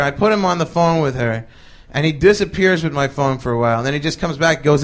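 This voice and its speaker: A male comedian spins a rambling story in front of a laughing crowd, his voice fairly high and expressive. Full of fillers, his live comic delivery includes quick impressions of the people he quotes.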